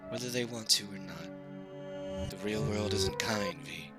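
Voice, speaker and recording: A man voicing a stern, preachy mother who speaks quietly and coldly while reading a game. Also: on the low side, slow, over loud music.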